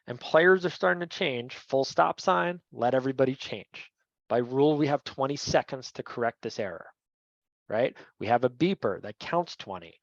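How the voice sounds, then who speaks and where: A man's voice: mid-range voice, lively intonation, moderate pace, gravelly. A man in a mid-range voice walks trainees through officiating rules like a coach talking to his crew. He keeps it conversational and keeps checking in with "right?". The sound is dull and lo-fi, with no room echo. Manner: conversational, repeats "right?" often. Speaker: referee trainer. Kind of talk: training lecture.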